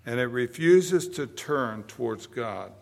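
A man in his seventies preaching a sermon, moving between quiet storytelling and loud, emphatic preaching. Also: mid-range voice, lively intonation, takes it slowly, vocal fry. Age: 70s. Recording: long hall reverb.

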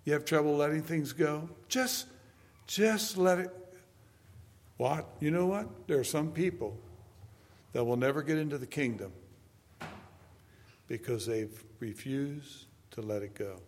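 A man in his seventies preaching a sermon, moving between quiet storytelling and loud, emphatic preaching. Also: on the high side, normal speed. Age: 70s. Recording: long hall reverb.

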